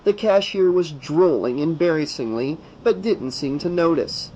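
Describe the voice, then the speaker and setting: A man's voice: fairly high pitch, animated, measured pace, hardly any pauses, darkish tone, dull audio, a little hiss or hum. Man narrating a horror audiobook. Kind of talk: unabridged audiobook reading.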